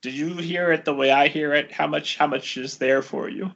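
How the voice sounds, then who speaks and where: Gravelly-voiced male podcast host. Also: fairly high pitch, steady tone, normal speed, fairly bright tone. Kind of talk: casual interview conversation. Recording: muffled lo-fi remote audio.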